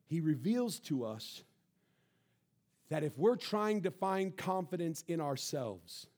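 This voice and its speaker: A pastor preaching a sermon in a church, impassioned, swinging between loud and hushed. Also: male voice, on the high side, lively intonation, slow pace.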